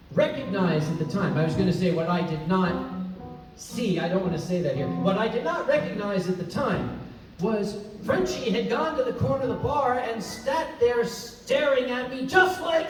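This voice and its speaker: A man's voice: high voice, animated, unhurried. A man telling a comic story live on a convention stage, chatty, self-mocking and prone to digressions. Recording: echoey hall, mic from far off, music. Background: soft instrumental music.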